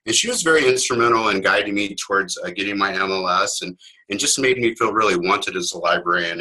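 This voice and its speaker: A man's voice: on the low side, brisk, sharp tone, husky, poor audio. A middle-aged man from Kansas, a librarian giving a casual webinar talk, rambling and self-deprecating with many fillers.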